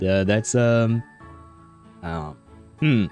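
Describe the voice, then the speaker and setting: A man whose first language is French, talking casually over a game stream. His voice is low but bounces lively up and down as he rambles, with faint music underneath. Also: a little slow. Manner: rambling and chatty, with many fillers and laughs. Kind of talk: casual gameplay commentary.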